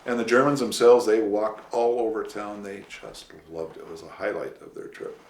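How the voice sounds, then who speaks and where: Brief: low-voiced male interviewee, rambling storyteller, roomy echo, light hiss. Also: steady tone. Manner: rambling, with many "uh" pauses. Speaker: interviewee, former city official. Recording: echoey room, faint hiss.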